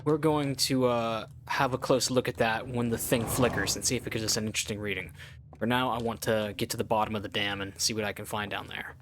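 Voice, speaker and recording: A man's voice: on the low side, steady tone, fairly quick, noisy background. Rambling gamer man thinking aloud. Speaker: let's play gamer. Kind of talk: casual gameplay commentary.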